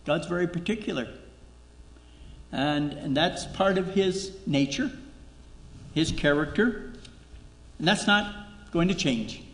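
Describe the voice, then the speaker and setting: A man's voice: on the high side, lively intonation, slow pace, pauses often, fairly bright tone. A man preaching a sermon as pastor, emphatic, repeating key words and asking rhetorical questions. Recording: echoey hall reverb.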